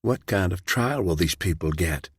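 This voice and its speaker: A man voicing an outraged male minister who speaks in a sharp, indignant way. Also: sits low, lively intonation, normal speed, husky, dry recording, clean studio sound.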